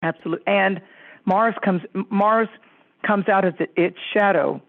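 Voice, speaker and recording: A woman astrologer, a guest, telling stories in an effusive, animated way and leaping into high voices when she quotes others. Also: moderate pace, vocal fry, no echo. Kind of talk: animated storytelling chat. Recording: tinny phone-line audio.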